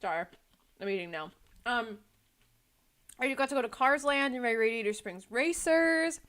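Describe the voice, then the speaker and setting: A chatty young woman co-hosting a casual podcast. Her voice sits a little high, and her talk runs loose and rambling, full of likes and ums. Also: expressive, normal speed, fairly bright tone. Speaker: podcast co-host. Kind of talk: casual chat.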